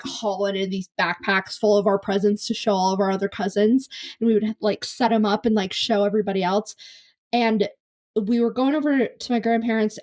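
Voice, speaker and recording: A woman's voice: medium pitch, darkish tone. A young woman hosting a podcast, telling a long embarrassing story in a rambling, self-deprecating way full of fillers. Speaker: podcast host. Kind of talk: casual storytelling monologue.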